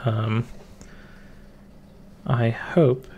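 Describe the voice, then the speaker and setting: Slow, gravelly-voiced game streamer. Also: male voice, medium pitch, phone-quality sound. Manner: relaxed, self-deprecating, mumbling to himself. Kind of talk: casual live stream chat.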